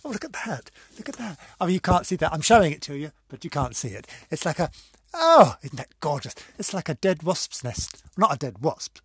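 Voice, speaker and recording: A man chatting alone on his podcast, his somewhat high voice husky and breathy. He swoops up and down in pitch, wandering off on tangents and giggling between thoughts. The sound is close and dry. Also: very animated, fairly quick, no echo. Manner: rambling, easily distracted, giggly; theatrical, exclamatory delivery. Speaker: podcast host. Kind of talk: casual solo podcast chat.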